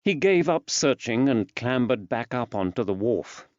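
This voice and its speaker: A man narrating an audiobook in a measured, even storytelling delivery. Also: mid-range voice, no room sound. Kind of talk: scripted narration. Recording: dull dry studio sound.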